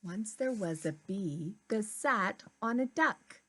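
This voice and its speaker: A woman's voice: medium pitch, lively intonation, slow, a bit bright. A woman, a preschool teacher, reading a picture book aloud for children's story time in a sing-song way.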